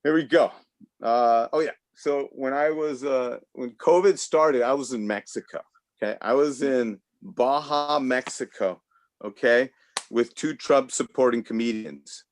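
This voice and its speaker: Rambling stand-up man, dry home mic, video call, middle pitch. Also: measured pace, no echo. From Los Angeles. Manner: loose, rambling, laughs at own jokes. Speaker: stand-up comedian. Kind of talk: virtual stand-up set. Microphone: home computer mic on a video call.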